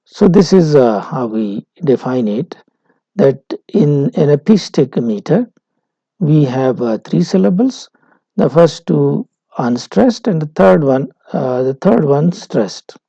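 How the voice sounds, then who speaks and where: A male lecturer, explaining slowly and deliberately, with frequent "uh" pauses. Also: a little high, big pitch swings, gravelly, mellow, husky, no room sound. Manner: measured, explanatory, frequent "uh" fillers. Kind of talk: recorded university lecture. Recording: dull lo-fi recording.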